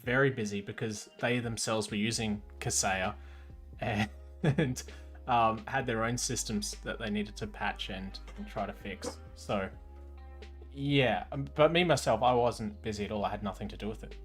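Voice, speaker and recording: A man's voice: fairly low pitch, unhurried, faint music behind. Laid-back male stream host. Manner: relaxed, loose, many fillers. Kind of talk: casual live-stream chat. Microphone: online voice chat mic.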